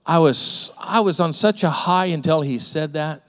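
Animated, higher-pitched male preacher. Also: normal speed. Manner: animated storytelling with frequent repetitions and acted-out voices. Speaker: pastor. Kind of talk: sermon.

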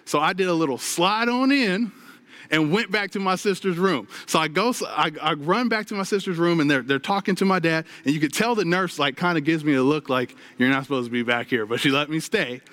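A man's voice: on the high side, brisk, a bit bright. A man preaching from a stage, telling a personal testimony with earnest storytelling and addressing the crowd directly. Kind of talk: sermon testimony.

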